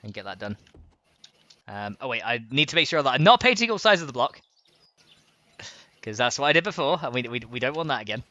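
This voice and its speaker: Lively, bright-voiced young man streaming a game. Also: mid-range voice, fairly quick, pauses often, lo-fi sound. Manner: chatty, giggly, reads chat messages aloud. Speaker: gaming streamer. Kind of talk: casual live gameplay chat.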